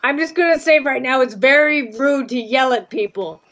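A woman's voice: high-pitched, a bit bright. A woman chatting casually as a player in a tabletop game session. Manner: quick, stumbling questions.

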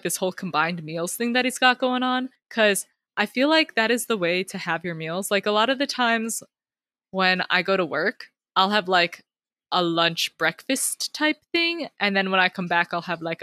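A woman's voice: mid-range voice, sharp tone, no room sound. A young woman, a teacher, chatting casually about a book on a review podcast, upbeat and full of "like" fillers.

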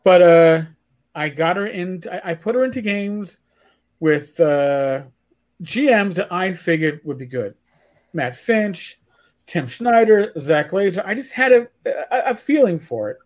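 A man from New York hosting a casual podcast chat, stumbling through restarts as he tells animated stories. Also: high-pitched, unhurried. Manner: stammering restarts, animated storytelling. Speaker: podcast host.

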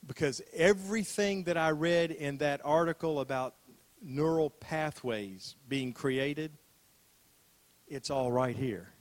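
An older man preaches a sermon as a pastor in a conversational manner, repeating phrases and posing rhetorical questions. His voice is fairly high, and he takes it slowly.

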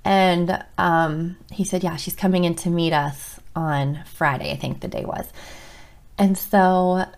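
A middle-aged woman with a slightly low voice tells a personal story in a heartfelt, emotional way. She restarts her sentences often as she talks. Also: fairly even intonation, a little slow, creaky. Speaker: school counselor and podcast host.

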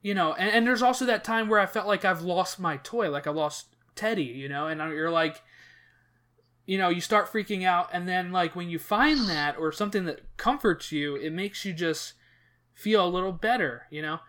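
A man's voice: sits high, moderate pace, fairly bright tone. A man hosting a casual podcast chat, retelling a movie plot in a rambling way full of fillers and restarts. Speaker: podcast host.

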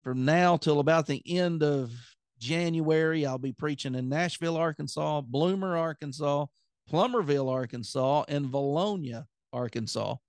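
Southern guy preaching on his podcast, kinda high voice, super earnest, dry close sound. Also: normal speed, clean tone, no echo. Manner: earnest, impassioned plain-spoken preaching. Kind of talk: podcast sermon.

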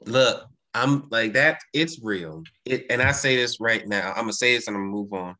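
A woman's voice: a bass voice, normal speed, bright, forceful tone. A woman hosting a podcast interview, speaking emphatically and giving frequent affirmations. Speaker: podcast host. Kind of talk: casual interview conversation.

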